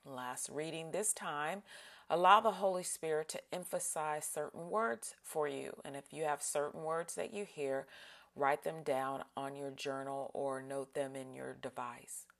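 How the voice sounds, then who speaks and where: Slow, low-voiced woman leading Bible study. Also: vocal fry. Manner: slow, calm guided reading with breathing cues. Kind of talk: guided Bible study and devotional reading.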